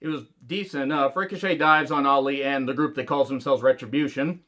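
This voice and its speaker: A man's voice: mid-range voice, steady tone, fairly quick, bright, forceful tone, lo-fi sound. A man ranting angrily and sarcastically in a wrestling review, swearing heavily. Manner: angry, sarcastic, heavy swearing. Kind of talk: profane rant review.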